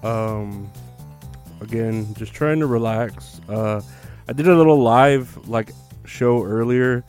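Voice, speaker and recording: A man's voice: medium pitch, slow pace, darkish tone, faint music behind. A man chatting casually on his livestream, meandering and laid-back, full of fillers and swearing. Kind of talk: rambling casual stream chat.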